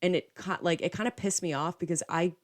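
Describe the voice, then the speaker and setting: Chatty young woman with a low voice. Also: brisk. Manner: chatty, heavy use of "like", animated retelling with quoted dialogue. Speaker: podcast host. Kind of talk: casual storytelling monologue.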